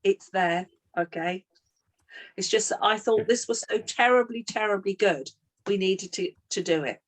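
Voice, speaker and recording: A middle-aged woman leads a team coaching session in an even, mid-range voice. She tells stories with animation and plays both sides of a sales call. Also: medium pitch, normal speed.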